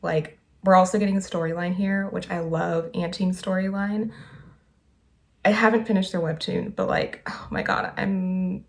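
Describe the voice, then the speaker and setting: A woman's voice: lowish voice, fairly even intonation, normal speed. A woman hosting a casual music video reaction, gushing and exclaiming often. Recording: loud music behind the voice. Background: music playing.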